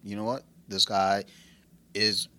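Deep, bright-voiced man chatting casually. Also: slow pace. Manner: rambling, profane and excitable. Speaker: podcast co-host. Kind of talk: casual chat.

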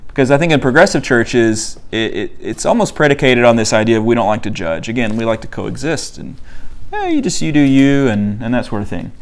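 A man's voice: mid-range voice, big pitch swings, a little fast. Casual man leading a book discussion. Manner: conversational, many fillers, reads quotes aloud. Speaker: study group leader. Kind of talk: casual teaching talk.

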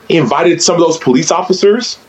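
A man who is a former pro athlete and author, a guest telling stories with energy and climbing into a higher voice as he retells them. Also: fairly quick, rough recording. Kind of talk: animated storytelling in conversation.

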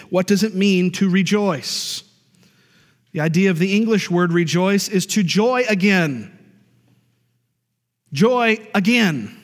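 A male pastor preaching a sermon, reading scripture slowly and then talking in an easy, joking way. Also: high voice. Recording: long reverb of a large hall.

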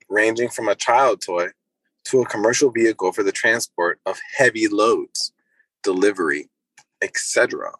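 Laid-back, swearing co-host on a phone. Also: male voice, medium pitch, a bit bright, dry recording, poor audio. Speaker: podcast co-host. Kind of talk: casual podcast chat.

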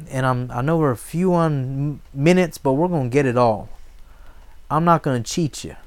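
Male pastor, sermon delivery, unhurried and emphatic, fairly high voice. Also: darkish tone. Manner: emphatic, call-and-response questions.

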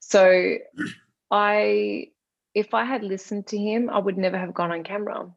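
Australian woman, low, gravelly and husky, even delivery, dry dull recording; casual chat. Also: unhurried, no room sound. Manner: calm, soft-spoken and even. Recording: slightly dull lo-fi sound.

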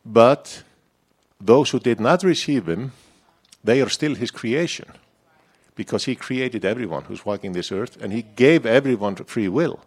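A man gives a church sermon in an easygoing, personal tone, often pointing the lesson back at himself. His voice sits at an ordinary middle pitch for a man. He preaches like he is talking with friends, not lecturing them. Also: animated, a little slow, slightly rough. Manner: conversational, personal, self-deprecating preaching.

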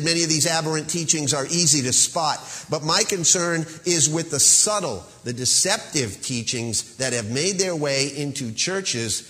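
A man's voice: on the high side, bright, forceful tone, in a large hall. A male pastor preaching an earnest, emphatic sermon with a warning tone.

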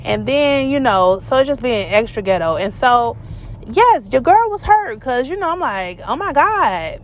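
Lady in her 30s telling a story straight up, slangy and blunt, kinda high pitched. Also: very animated, moderate pace, slight background noise. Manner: candid, blunt, slangy, swears freely. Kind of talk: casual storytelling.

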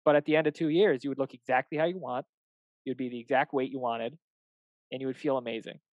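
A man's voice: medium pitch, steady tone, fast talker, no room sound, lo-fi sound. A young adult man, a fitness coach, chatting casually and animatedly, acting out little dialogues with clients and swearing now and then. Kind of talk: casual podcast chat.

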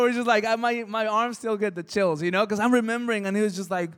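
A man from Mexico preaching, telling personal stories in a lively, emotional way that swings from hushed to loud. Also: sits high, quick pace, hardly any pauses, clean tone. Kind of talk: sermon storytelling.

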